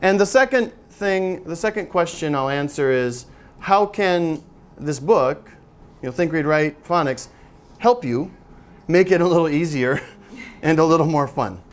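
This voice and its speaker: A man's voice: a little high, animated, unhurried. A middle-aged man giving a live teaching seminar to an audience, chatty and joking as he draws the room in. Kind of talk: live workshop presentation.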